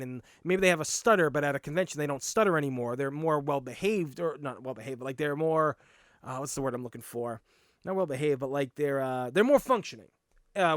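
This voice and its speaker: A man with a Boston accent, hosting a podcast and telling stories in a blunt, animated, casual way with some swearing. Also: on the high side, no room sound, clean studio sound. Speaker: podcast host. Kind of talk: casual storytelling monologue.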